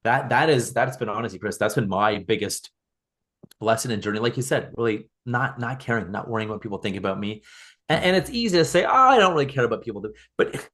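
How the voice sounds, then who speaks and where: A man's voice: lowish voice, animated, brisk, fairly bright tone. A man as a podcast guest, talking earnestly in casual conversation, often restarting and repeating words.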